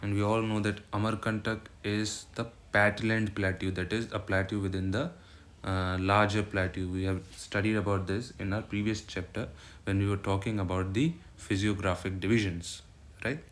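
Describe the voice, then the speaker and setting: In a geography lecture aimed at exam preparation, a man with an Indian English accent speaks at a moderate pace in a fairly low voice with little pitch movement. He alternates English and Hindi, asks "right?" again and again, and the audio carries loud background noise with clicks.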